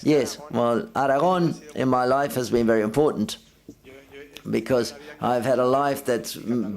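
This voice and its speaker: A man interprets live at a film festival press conference, his voice sitting at an ordinary middle pitch for a man. He relays each speaker in the first person, and his voice rises whenever he voices someone's quoted words. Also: a little mellow.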